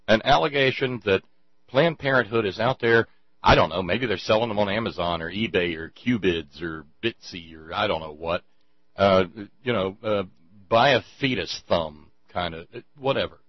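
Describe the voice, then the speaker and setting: A man's voice: on the low side, expressive, moderate pace, dry recording, dull audio. A man hosting a show, rambling sarcastically in casual commentary, stumbling over restarts.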